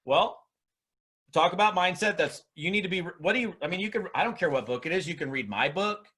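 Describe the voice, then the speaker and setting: A man with a fairly high voice delivers a motivational seminar talk. He is emphatic and lively. He mocks skeptics with put-on voices. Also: brisk, breathy edge. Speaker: network marketing speaker.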